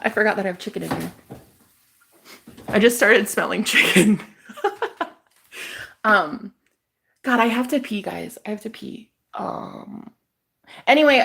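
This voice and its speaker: A woman's voice: medium pitch, fairly bright tone. A woman vlogging from a table at home, telling a story casually, rambling, laughing often and swearing freely.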